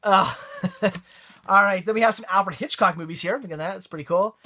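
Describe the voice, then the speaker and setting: A young man with a bright, forceful voice, rambling through a casual unboxing chat. He gushes about what he finds, stumbles and restarts his sentences, and laughs at himself often. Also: sits high, fairly quick. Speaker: vlogger.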